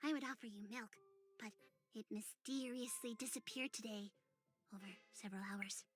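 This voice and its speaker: A woman voicing an odd, whimsical young woman hosting a tea party, rambling dreamily with sudden leaps in pitch. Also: moderate pace, soft background music, close to an everyday voice.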